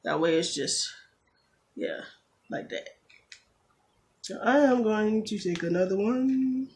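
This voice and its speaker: Woman doing a nail tutorial on her phone camera, chatty, jokey, gets fed up quick. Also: medium pitch, animated, a little mellow. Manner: chatty, quick to get exasperated, jokey asides. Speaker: beauty vlogger. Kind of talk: casual tutorial chat.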